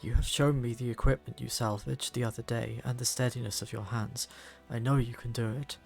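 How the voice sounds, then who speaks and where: A man voicing a calm, solemn wounded mystic who speaks slowly and measured. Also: mid-range voice, creaky, faint music behind, natural voice.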